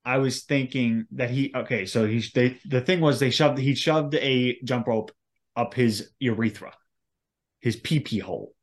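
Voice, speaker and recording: Podcast co-host, male, mid-pitched, rambling, halting delivery. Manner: rambling, searching for words, many fillers. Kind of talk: casual chat.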